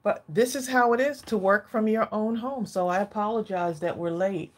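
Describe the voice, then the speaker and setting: A woman's voice: mid-range voice, normal speed. A woman, chatting casually to viewers as a craft channel host from her home craft room, a little out of breath. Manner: chatty, addresses viewers as y'all. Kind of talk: casual live-stream chat.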